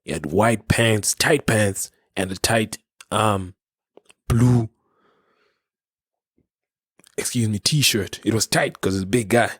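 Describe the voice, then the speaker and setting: Husky South African man telling stories. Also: fairly low pitch, measured pace, fairly bright tone, no room sound, clean studio sound. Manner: rambling, laughing, many restarts. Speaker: podcast host. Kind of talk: casual storytelling.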